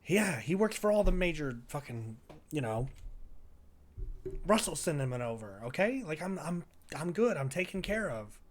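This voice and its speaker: A man's voice: fairly high pitch, very animated, moderate pace, a little hiss or hum. A man voicing a young male mobster under arrest who swears, insists and talks defensively in a tabletop game.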